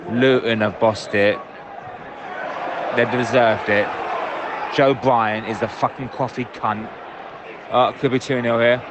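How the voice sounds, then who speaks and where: A man's voice: medium pitch, noisy background. A man leaving angry, sweary voicemails about a football match, recorded on a phone from a stadium seat and from his car. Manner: angry, sweary, blunt rant.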